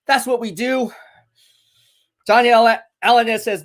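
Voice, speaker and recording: A high-voiced man hosts a live draft watch party, reading viewers' chat comments in a hyped, chatty way. He speaks a little slowly with a bit of brightness and sounds slightly out of breath, as though doing curls while talking.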